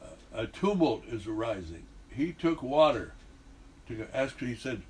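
A man teaching the Bible, reading verses aloud and then explaining them in a relaxed, conversational way with frequent hesitations. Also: medium pitch, measured pace, husky, rough recording.

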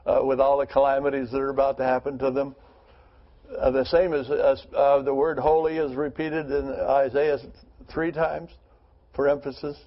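A man's voice: medium pitch, level tone, normal speed, muffled recording. Earnest man leading a Bible study. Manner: earnest, asks rhetorical questions. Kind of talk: scripture reading and group discussion.

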